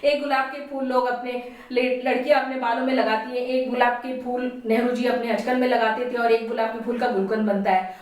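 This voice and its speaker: A woman's voice: fairly high pitch, natural voice. Woman doing a breakneck roadside medicine hawker. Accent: Indian. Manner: breakneck rhyming sales patter. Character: fast-talking male roadside medicine hawker. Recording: echoey room, distant mic.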